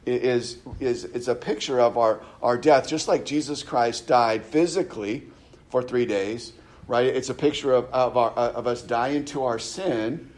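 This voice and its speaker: A man's voice: mid-range voice, a little slow, a little mellow. A man preaching a sermon, often stopping short to repeat words and asking "right?" after his points. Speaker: pastor.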